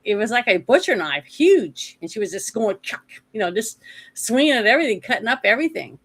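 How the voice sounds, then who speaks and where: A woman's voice: fairly high pitch, very animated, fairly quick, a bit bright, slightly rough. A woman co-hosting a casual movie review podcast, retelling scenes in a rambling way with lots of asides. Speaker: podcast co-host.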